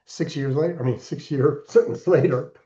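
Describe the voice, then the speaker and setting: A man in his sixties, a podcast guest, telling his life story in an earnest, deliberate way with emphatic bursts. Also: fairly high pitch, warm tone, lo-fi sound. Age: 60s. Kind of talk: personal story in interview.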